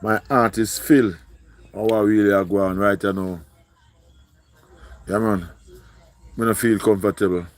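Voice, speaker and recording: A man's voice: fairly low pitch, fairly even intonation, a little slow, pauses often. A man with a Jamaican accent, pleading and repeating himself as he speaks emotionally to viewers on a live stream. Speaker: livestreamer.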